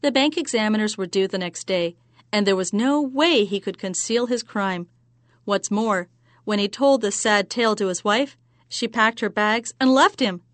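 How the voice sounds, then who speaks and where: A woman telling a joke as a story in an even, measured way. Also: medium pitch, dry recording.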